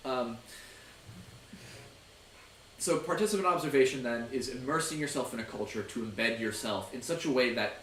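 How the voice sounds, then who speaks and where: A man's voice: mid-range voice, moderate pace, long pauses, fairly bright tone, reverberant, recorded from a distance, slight background noise, rough recording. Hesitant young man explaining, off mic. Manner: hesitant, many fillers and restarts. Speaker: host. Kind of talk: casual chat, explaining.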